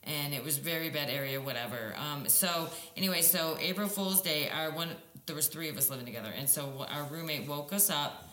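A woman in her forties co-hosts a casual podcast, telling animated stories and swearing freely. Her voice sits low but has a bright, forceful edge. The room is echoey. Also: brisk, few pauses. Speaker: podcast co-host. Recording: roomy echo with faint music.

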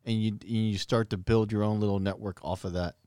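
A man's voice: fairly low pitch, fairly even intonation, fast, darkish tone, clean tone, no room sound, studio quality. A man chatting casually, earnest and reflective, repeating words as he works through a thought. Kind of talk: casual chat.

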